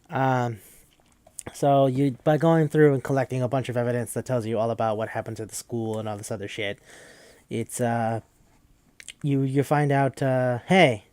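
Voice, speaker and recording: A man hosting a podcast talks through a game's story in a loose, rambling way, swearing freely and leaning on fillers. His voice sits at an everyday middle pitch. The recording is dry and close, with no room sound. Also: darkish tone, no echo. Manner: rambling, profane, with frequent fillers. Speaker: podcast host. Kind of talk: casual game recap.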